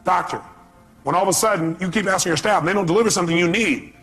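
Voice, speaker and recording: A man's voice: sits high, rapid-fire, fairly bright tone, slightly rough, soft background music. A man speaking live at a seminar, emphatic and repeating his key phrases, firing questions at the audience. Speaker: motivational speaker. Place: seminar hall.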